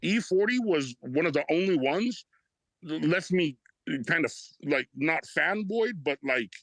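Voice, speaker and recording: A middle-aged Canadian-raised man, a rapper guest telling stories in a casual interview, rambling and excited, swearing freely. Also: fairly high pitch, measured pace, dry recording, rough recording.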